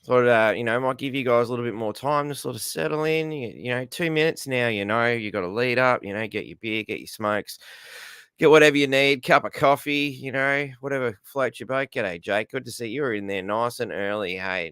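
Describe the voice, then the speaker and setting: A man's voice: medium pitch, fairly bright tone, clean tone, no echo, studio quality. An Australian man hosting a casual live stream, rambling, swearing freely and greeting viewers by name. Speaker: host.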